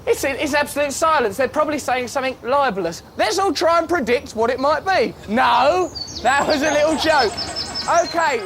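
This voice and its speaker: A man hosting a live TV chat show, full of cheeky, quick-witted banter. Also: very high voice, animated, fairly bright tone, a little hiss or hum. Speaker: host. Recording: studio with music and audience.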